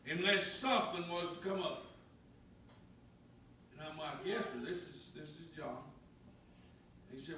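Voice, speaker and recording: A preacher, a middle-aged man, delivers a folksy sermon in a high, bright, ringing voice. He swings from loud declarations down to near-whispered confessions. He is captured from a distance in a very echoey church with faint room noise. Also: unhurried, long pauses. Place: church sanctuary.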